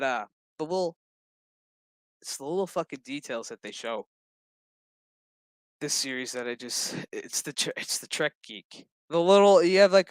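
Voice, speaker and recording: Dude swearing his way thru a tv review, bright crisp voice, bit high, dry sound. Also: no echo. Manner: profane, chatty, laughs often. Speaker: show reviewer. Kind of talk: casual spoken TV review.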